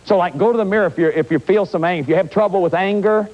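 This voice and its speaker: Fifties male lecturer, high and lively voice, dull lo-fi recording. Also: racing. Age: 50s. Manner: animated, acts out examples, frequent restarts. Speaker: therapist and lecturer. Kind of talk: self-help lecture.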